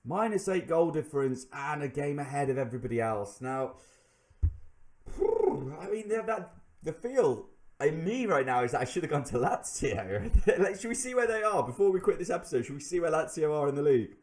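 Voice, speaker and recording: A man hosting a gaming channel, commentating his own game live to viewers, swinging between excitement and exasperation. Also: a little high, normal speed.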